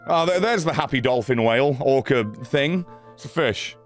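Soft background music plays as this man in his thirties streams a game at normal speed in a mid-range voice. His live commentary is full of swearing as he rants at the game in exasperation.

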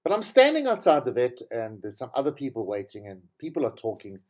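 A man's voice: medium pitch, huge pitch swings, a little fast, darkish tone. A middle-aged man hosting his own show, talking in a casual, rambling solo monologue with frequent self-corrections. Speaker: show host.

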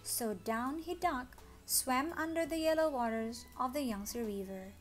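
A woman reading a children's story aloud, expressive with dramatic gasps. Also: high voice, a little slow, soft background music. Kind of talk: children's read-along story.

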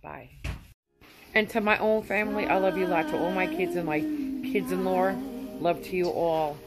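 A woman's voice: lowish voice, animated, normal speed, loud music behind the voice. A woman in her fifties sends effusive, rambling holiday greetings to her viewers from her home. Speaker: vlogger.

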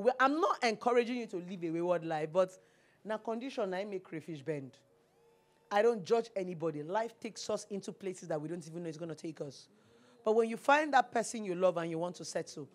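A Nigerian woman hosts a call-in advice show from a TV studio, lively and sermon-like as she lectures her audience. Her voice sits at a middle pitch and she drops into Pidgin phrases freely. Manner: animated, preachy, mixes in Pidgin. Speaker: talk show host.

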